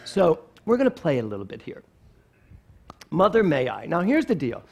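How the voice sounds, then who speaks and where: Male pastor from Philadelphia, playful storyteller, fairly high voice that swings widely. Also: huge pitch swings, moderate pace, vocal fry, darkish tone. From Philadelphia, USA. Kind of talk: sermon.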